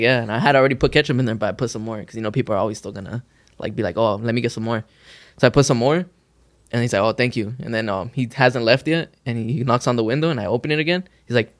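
A man's voice: medium pitch, very fast. A young man on a podcast, casually telling a story full of swearing and laughter. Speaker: podcast co-host. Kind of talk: casual chat.

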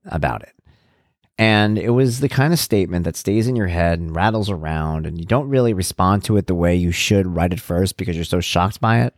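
A man with a fairly low voice talks earnestly in a casual personal monologue, recorded dry and close with little room sound. He is an animated storyteller whose pitch leaps when he acts out what people said. He often repeats a point to drive it home. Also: no echo. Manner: animated storyteller, acts out quoted dialogue with big pitch jumps; earnest, heartfelt, repeats himself for emphasis. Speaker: blogger and podcast host.

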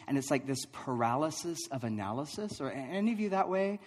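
Husky-voiced pastor in a big reverberant hall. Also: male voice, medium pitch, fast, hardly any pauses. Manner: animated, self-deprecating storytelling with frequent laughter. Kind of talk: sermon with humorous personal story.

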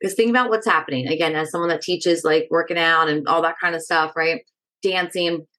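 Energetic woman, stress educator. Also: low voice, brisk. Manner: energetic and direct, keeps asking "right?". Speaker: stress management educator, podcast guest. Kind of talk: casual interview chat.

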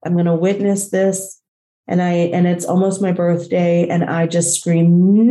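A woman host telling a personal story in a dramatic, profane way, acting out the voices and shouts in what she tells. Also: lowish voice, flat delivery, unhurried, reverberant. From Latina. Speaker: podcast host.

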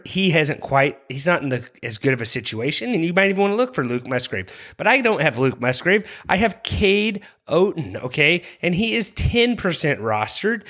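Young male podcast host, slightly high-pitched, passionate and rambling, casual rankings talk. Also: a bit bright. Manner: passionate, rambling, apologetic asides. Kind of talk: fantasy football rankings talk.

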